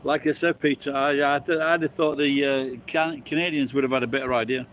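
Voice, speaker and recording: Yorkshire bloke, mid-pitched, casual sweary street chat, faint traffic hum behind. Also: male voice, fairly even intonation, brisk, fairly bright tone. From Sheffield, England. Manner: rambling and sweary, laughs often. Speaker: vlogger chatting with live viewers. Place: outdoors on a street.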